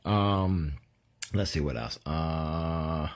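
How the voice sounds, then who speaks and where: A middle-aged man, chatting casually on a live show, joking and laughing as he reads out viewer comments. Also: extremely low pitch. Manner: joking, laughs often, drawn-out reading aloud. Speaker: co-host of a married couple's live show.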